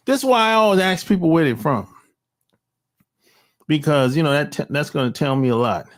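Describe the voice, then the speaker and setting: A US vlogger talks straight into his cell phone in a casual opinion monologue, blunt and slangy with mocking asides. His voice is a little high, with lively intonation and a normal pace.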